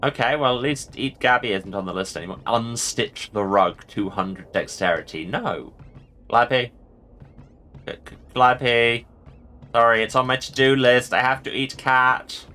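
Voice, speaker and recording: A man's voice: medium pitch, measured pace, bright, forceful tone, faint music behind. A man hosting a let's play and giving playful, jokey commentary on the game. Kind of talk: casual gameplay commentary.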